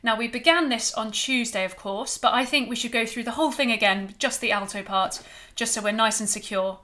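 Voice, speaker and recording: High-voiced woman leading choir warm-ups. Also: brisk. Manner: gentle, encouraging, counts breaths aloud. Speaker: choir director. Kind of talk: vocal warm-up coaching.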